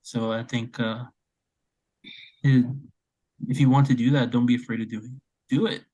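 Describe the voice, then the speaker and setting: A man's voice: medium pitch, steady tone, moderate pace, dark tone, rough recording. A young man in his twenties co-hosting a casual podcast, speaking earnestly with many fillers. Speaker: podcast co-host.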